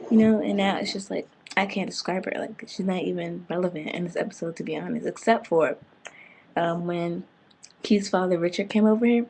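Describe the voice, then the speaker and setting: A woman excitedly recapping a TV episode in casual slang, breaking into loud outbursts. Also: fairly low pitch, a little fast, slight background noise. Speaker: TV fan reviewer.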